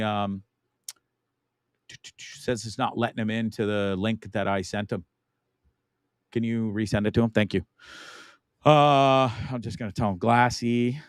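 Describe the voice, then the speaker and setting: A man's voice: mid-range voice, clean tone, no echo. A middle-aged man from Canada hosting a live online talk show, rambling and enthusiastic in casual chat. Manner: rambling, enthusiastic, frequent laughs and asides.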